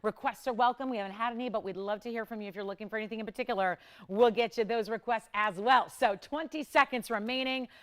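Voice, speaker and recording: A woman's voice: fairly high pitch, fast, hardly any pauses, fairly bright tone. A woman hosting a live TV jewelry shopping show, enthusiastic and repeating words for emphasis. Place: TV studio.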